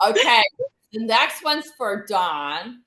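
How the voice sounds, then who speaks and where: Woman host, upbeat and warm-toned chat, bright voice, roomy sound. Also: on the high side, sing-song, slow pace. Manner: upbeat, laughs easily. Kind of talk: casual interview chat.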